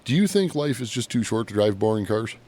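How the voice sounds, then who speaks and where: A man's voice: lowish voice, brisk. A man from Michigan with a Michigan accent, co-hosting a casual podcast chat and telling rambling stories full of tangents. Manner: animated storyteller, jumps between tangents. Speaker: podcast co-host. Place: small home studio.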